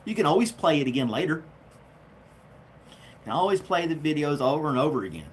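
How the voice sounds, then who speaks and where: A man chats through a casual home livestream, his voice swinging lively up and down as he jokes and laughs at his own gags. He reads out viewer comments in a relaxed, friendly way. A faint hiss of background noise sits under the voice. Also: fairly high pitch, fairly quick. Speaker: livestream host. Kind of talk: casual live chat reading comments.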